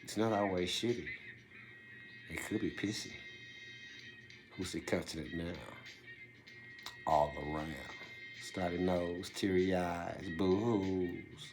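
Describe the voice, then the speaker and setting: A man giving a preachy monologue, firing off rhetorical questions and swinging between loud bursts and hushed whispers. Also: deep voice, steady tone, slow, pauses often, over music. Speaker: speaker delivering a monologue.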